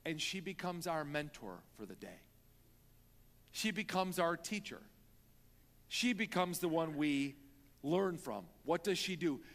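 Male pastor, high voice, sermon delivery, hushed-to-pleading swings, big echoing church sound. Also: expressive, a little slow, pauses often. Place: church sanctuary. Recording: long reverb of a church hall.

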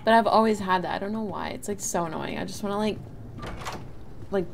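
A woman's voice: mid-range voice, a little fast, background noise. A woman streamer chatting casually with her viewers while she plays a game. She keeps breaking into helpless giggles. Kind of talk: casual live gameplay chat with viewers. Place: her bedroom at home.

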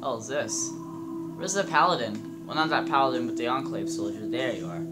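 A young man casually commenting on his game, excitable and swearing, talking to his in-game companions. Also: mid-range voice, fairly quick. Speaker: gameplay commentator. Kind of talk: casual let's-play commentary. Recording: game music loud behind voice.

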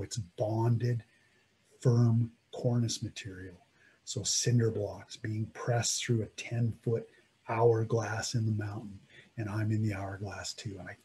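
A man vividly recounting his own mountain ordeal in dramatic first-person storytelling, swinging between loud emphasis and hushed tones. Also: medium pitch, slightly rough.

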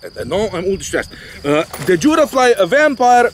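Brief: high-voiced male host, jokey and rambling, outdoor field recording with loud insect noise. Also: very animated, moderate pace, poor audio. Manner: joking, rambling, non-native phrasing. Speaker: channel host, RC pilot. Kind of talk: casual outdoor chat.

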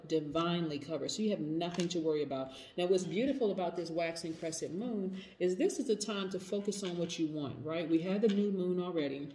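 A woman's voice: fairly low pitch, warm tone. A woman giving a spoken tarot reading, enthusiastic and repeating affirmations of yes. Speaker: tarot reader. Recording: echoey room, voice off-mic, faint noise.

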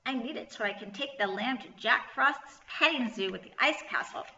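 Woman doing a shrill squawking goblin. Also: animated, normal speed, heavily acted. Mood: angry. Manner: snappy, screeching shouts. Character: grabby whiny male goblin, squawking. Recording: echoey room, slightly dull sound.

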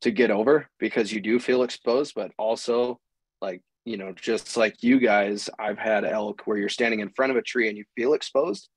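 A man's voice: on the low side, fairly even intonation, normal speed, husky, no room sound. A man hosting a webinar in an easygoing, agreeable way, with many "like"s and "you know"s. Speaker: webinar host.

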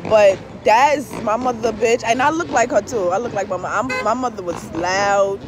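A woman's voice: on the high side, moderate pace. A woman tarot reader talking in a casual, rambling monologue, blunt and full of swearing, with frequent laughs and asides. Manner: profane and blunt, peppered with swear-word fillers. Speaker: tarot reader and spiritual vlogger.

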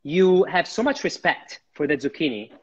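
A man's voice: on the high side, expressive, normal speed, husky. A man chef chatting animatedly during a live cooking demo, often repeating his words. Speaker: guest chef. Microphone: livestream. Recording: dull lo-fi livestream audio.

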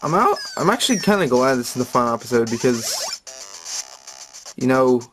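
A young man doing let's-play commentary, joking, rambling and swearing, sometimes bursting into loud excited yells. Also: mid-range voice, a little fast. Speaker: let's player. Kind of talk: video game commentary. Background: game music.

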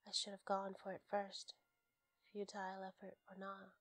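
A woman narrates a bedtime story in a soft, hushed whisper. Her delivery is steady and very flat, with a medium pitch. Faint music plays quietly underneath. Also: normal speed, no room sound.

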